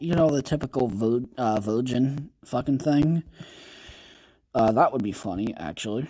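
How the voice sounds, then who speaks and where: A man's voice: mid-range voice, unhurried, pauses often, mellow. Rambling, foul-mouthed young man. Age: around 20. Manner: rambling, profane, joking. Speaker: podcast host reading creepypastas on a livestream. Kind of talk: casual livestream chat.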